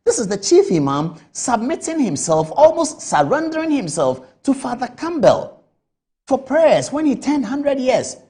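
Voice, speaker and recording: A woman's voice: high voice, sing-song, unhurried, dark tone. A woman giving heated political commentary on a TV panel, firing off rhetorical questions and scolding with repetition. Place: TV studio.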